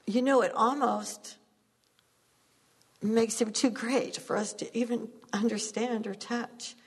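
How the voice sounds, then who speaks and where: Husky woman preaching in a reverberant hall. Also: on the high side, fairly even intonation, takes it slowly. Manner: earnest, storytelling, laughs at herself. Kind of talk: sermon.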